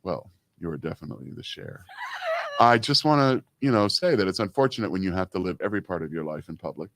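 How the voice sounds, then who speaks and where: A man's voice: low voice, animated, fast talker, fairly bright tone, no room sound. A man in his fifties co-hosting a casual talk show, telling stories with many "you know" fillers. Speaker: co-host. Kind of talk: casual radio-style chat.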